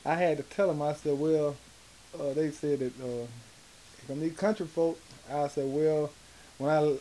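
A man from Atlanta with a Southern accent, telling stories in an interview in a halting, rambling way full of fillers. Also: a little high, steady tone, warm tone, slight background noise, poor audio. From Atlanta, Georgia. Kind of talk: casual storytelling in an interview.

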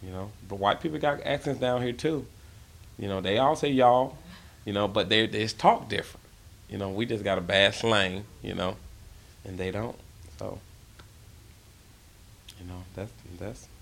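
A man's voice: fairly low pitch, normal speed, vocal fry, long pauses, a bit bright. A man, talking casually in an interview and rambling with lots of "you know" fillers. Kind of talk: casual interview about dialect.

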